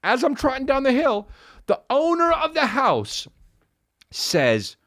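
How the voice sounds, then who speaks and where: A man's voice: very high-pitched, huge pitch swings, slow pace, fairly bright tone. A man and podcast host telling a funny story with lots of swearing, acting out the people in it. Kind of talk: comic storytelling.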